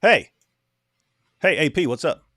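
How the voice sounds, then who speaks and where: A man's voice: on the high side, animated, unhurried, a bit bright, no room sound, studio quality. A man co-hosting a casual livestream chat, rambling and laughing as he talks. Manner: rambling, laughing, mock accents. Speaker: co-host.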